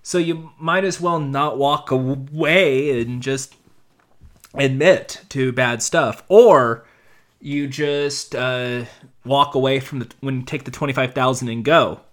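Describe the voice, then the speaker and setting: A man's voice: medium pitch, slow pace. A man giving a casual, opinionated commentary monologue, thinking aloud with frequent restarts.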